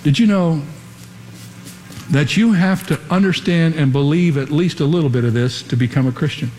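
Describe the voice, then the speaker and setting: A man preaching a sermon in an earnest, measured way, building to emphatic repeated lines. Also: on the high side, a little mellow, a little hiss or hum. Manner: earnest preaching with dramatic pauses and quoted whispers. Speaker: pastor. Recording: long hall reverb, faint ambience.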